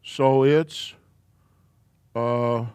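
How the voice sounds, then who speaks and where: A man's voice: medium pitch, steady tone, drawn-out words, darkish tone, clear, resonant tone, no echo. A man teaching the Hebrew alphabet to a live class in a church, patiently walking through letters and sounds step by step.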